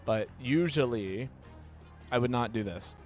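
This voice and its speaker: A man live-streaming a game, talking casually and playfully, often stumbling and repeating words when excited. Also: mid-range voice, unhurried, soft background music.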